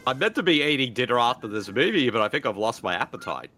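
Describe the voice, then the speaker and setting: A man's voice: medium pitch, sing-song, quick pace, sharp tone, a little hiss or hum. A man co-hosting a casual movie commentary, playful and teasing in his reactions. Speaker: podcast co-host.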